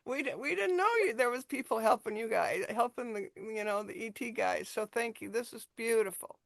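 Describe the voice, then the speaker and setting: A woman's voice: a little high, expressive, moderate pace, gravelly, no room sound. A woman hosting an interview, gushing with enthusiasm and rambling through her questions. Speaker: host. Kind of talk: casual interview.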